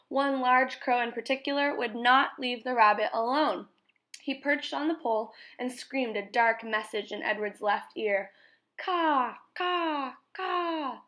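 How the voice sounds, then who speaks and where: A calm, clear female reader gives a children's novel an expressive, measured read-aloud. Her voice is pitched a little high for a woman.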